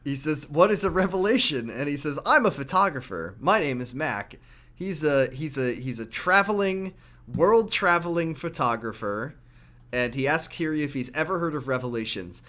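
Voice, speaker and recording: A man co-hosting a podcast, chatting casually about a video game and acting out characters' lines in quick put-on voices. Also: on the high side, lively intonation, bright, forceful tone. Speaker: podcast co-host.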